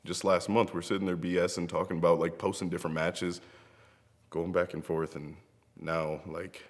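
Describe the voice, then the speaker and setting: Deep-voiced grieving young man, echoing room. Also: flat delivery, normal speed. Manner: heartfelt, rambling storytelling with frequent laughs. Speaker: professional wrestler. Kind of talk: spoken tribute to a late friend. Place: seated in front of a camera, indoors. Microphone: camera mic.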